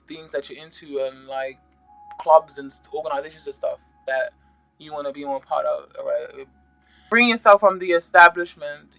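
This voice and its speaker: A man's voice: on the high side, bright, forceful tone, dry recording, low-quality recording. A man giving a casual tarot reading, playful and slangy, reading card meanings aloud and adding sound effects. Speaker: tarot reader.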